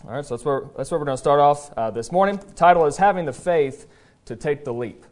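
A man in the pulpit delivers a sermon with a somewhat high-set voice. He talks in a folksy, conversational way, stopping often on "uh" as he gathers his thoughts, then leans into his points earnestly. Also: lively intonation. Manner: folksy, conversational preaching with frequent "uh" pauses; tells a joke story then presses the point earnestly. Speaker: pastor. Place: church service.

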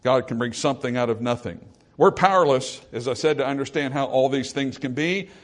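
A male pastor preaching a sermon, swinging from forceful emphasis to hushed, quiet lines. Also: fairly high pitch.

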